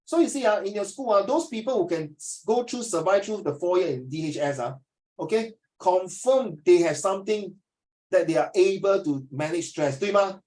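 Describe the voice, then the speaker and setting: Joking Singaporean male tutor, high voice. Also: animated, moderate pace, darkish tone, poor audio. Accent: Singaporean English. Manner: joking, teasing, then stern lecturing. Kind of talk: classroom lecture.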